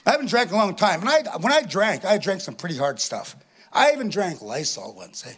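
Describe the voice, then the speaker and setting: A man's voice: high-pitched, sing-song, a little fast, fairly bright tone, husky. A middle-aged man performing a chatty, self-mocking stand-up comedy set, tagging his lines with "eh". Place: live stage before an audience.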